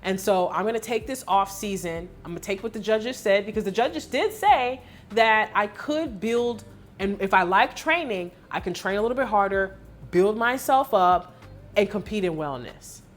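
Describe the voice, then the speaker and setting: A woman fitness coach giving a candid vlog recap, telling her story in an emotional, expressive way with lots of fillers. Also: mid-range voice, moderate pace, a little hiss or hum.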